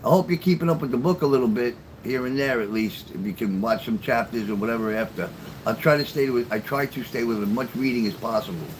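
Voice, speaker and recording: This livestream host is an older man who talks fast at a medium pitch, swapping stories and casual, profane, blunt chatter with his viewers. Background noise can be heard.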